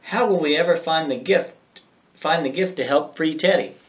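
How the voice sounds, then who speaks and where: An eager young girl from a children's storybook, lightly voiced by a man reading to his class. She sounds curious and hopeful, in a slightly higher, gentle tone. The speech is unhurried and clear. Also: distant mic, dull audio, close to an everyday voice.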